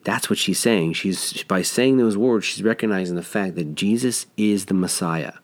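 A man's voice: low voice, normal speed. A man teaching through a Bible passage verse by verse in a conversational, explanatory way, with frequent restarts.

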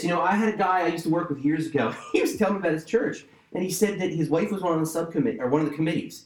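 A man's voice: on the high side, expressive, quick pace. A man pastor preaching a sermon with emphatic, conversational delivery, repeating key phrases for weight. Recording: roomy echo.

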